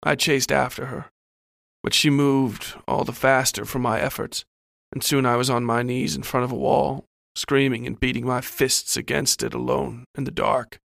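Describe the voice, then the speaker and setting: A man's voice: medium pitch, level tone, normal speed, gravelly, fairly bright tone, no echo, studio quality. A man reading a first-person horror story in a scripted narration style.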